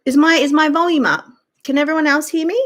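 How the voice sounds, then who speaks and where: A woman's voice: sits high, steady tone, quick pace, a bit bright. A woman live-streaming a blunt, profane rant as she answers viewer comments. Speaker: YouTuber live-streaming to chat. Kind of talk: casual ranting live-stream chat.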